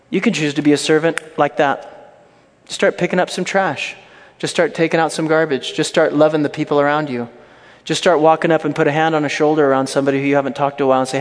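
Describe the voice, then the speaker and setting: Brief: mid-pitched male pastor, emphatic and repetitive, playful asides, long reverb from a church hall. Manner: humorous asides. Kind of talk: sermon.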